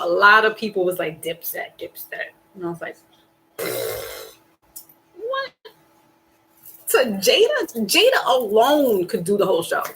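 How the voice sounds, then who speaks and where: A woman chats casually on her live stream in an animated, rambling way. Her talk is slangy and emphatic, her pitch sits mid-range, and she often breaks into a sigh or a laugh. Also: a little hiss or hum, rough recording. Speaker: tarot reader and live stream host.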